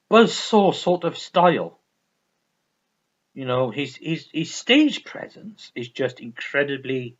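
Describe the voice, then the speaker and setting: A man's voice: fairly high pitch, fairly bright tone. A man chatting casually about his records, enthusiastic and rambling, often repeating himself. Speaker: vinyl collector vlogger. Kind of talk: casual record review chat. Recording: dull lo-fi recording.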